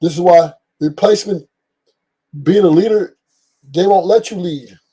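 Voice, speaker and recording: Mellow-voiced man delivering opinion commentary. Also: high-pitched, measured pace, breathy edge. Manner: preachy, emphatic, repeats key lines. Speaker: host.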